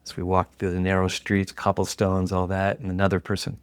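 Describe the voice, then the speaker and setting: Gravelly-voiced middle-aged man telling a story. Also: deep voice, brisk, no room sound, studio quality. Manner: animated storyteller who acts out quoted voices. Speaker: guest. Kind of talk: storytelling in a podcast interview.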